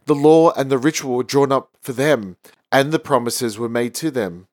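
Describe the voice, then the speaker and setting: Male lector, formal steady scripture reading, close dry sound. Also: mid-range voice, normal speed, dry recording.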